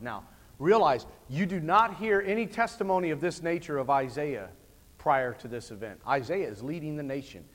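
A man preaching a sermon, swinging from hushed passages to shouted climaxes. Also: medium pitch, expressive, moderate pace. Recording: long hall reverb.

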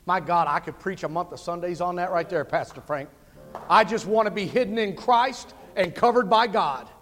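A man preaching a sermon, swinging from hushed, soft passages to loud, fervent calls. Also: high-pitched, moderate pace, soft background music. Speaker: pastor. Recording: long hall reverb.

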